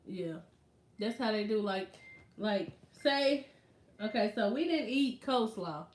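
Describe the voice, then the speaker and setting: A woman vlogger in casual chat, telling stories in an animated, slangy way. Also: medium pitch, measured pace. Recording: roomy echo.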